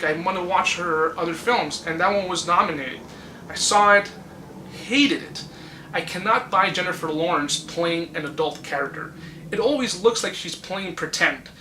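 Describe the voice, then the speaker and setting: Blunt, swearing young man with a bright voice. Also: a little high, a little hiss or hum. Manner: blunt, ranting, swears freely. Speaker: movie reviewer. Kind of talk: casual opinion vlog. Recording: echoey room.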